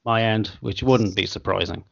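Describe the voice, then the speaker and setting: A man with a low, gravelly voice hosts a podcast over an internet call. He talks in a measured, dry way and drops the odd swear word, and the line sounds dull and lo-fi. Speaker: podcast host. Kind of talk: casual chat over a call.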